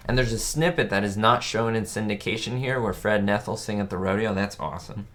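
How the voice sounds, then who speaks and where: A man with a somewhat low voice hosts a casual live stream. He chats in an upbeat, rambling way, with plenty of fillers and restarts. He reads viewers' comments aloud as he goes. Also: fairly quick, a bit bright. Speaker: channel host.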